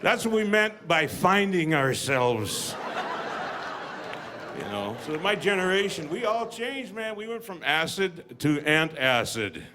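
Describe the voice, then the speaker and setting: A man performing a stand-up comedy routine, telling stories and acting out voices with deadpan punchlines. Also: a little high, slow. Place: comedy stage with live audience. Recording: live audience, noisy room.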